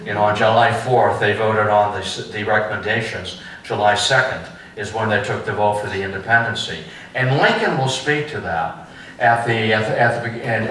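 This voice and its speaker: A man giving a history lecture to an adult class, slow and emphatic, asking rhetorical questions and repeating phrases. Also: lowish voice, pushed and bright, a little hiss or hum. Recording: echoey room, mic at a distance.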